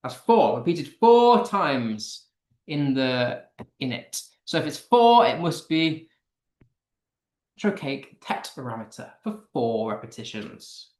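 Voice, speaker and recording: A man with a British accent teaching an online English lesson, encouraging students and reading lines of verse slowly with heavy stress. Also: medium pitch, a bit bright, reverberant.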